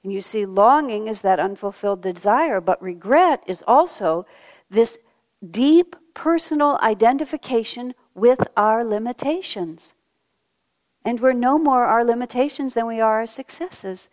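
A woman giving a devotional talk as a spiritual teacher, gentle and reflective, often letting her voice fall soft and quiet, with touches of light self-mocking humor. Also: a little high, lively intonation, measured pace.

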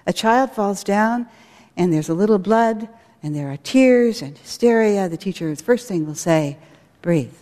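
Woman giving a spiritual talk, storytelling, warm mellow voice, big echoey hall. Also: mid-range voice, expressive, normal speed. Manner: earnest, storytelling with acted quotes. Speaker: school director giving a talk. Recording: long hall reverb.

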